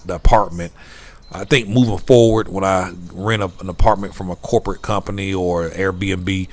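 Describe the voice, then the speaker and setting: Low-voiced rambling man on a phone video. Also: a bit bright. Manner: rambling, repeats words and restarts. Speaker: vlogger. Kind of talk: casual video update. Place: rented room at night.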